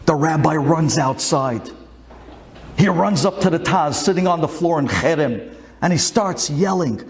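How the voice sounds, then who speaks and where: A man telling a religious folk tale in an animated, dramatic way. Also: on the high side, unhurried. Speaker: storyteller.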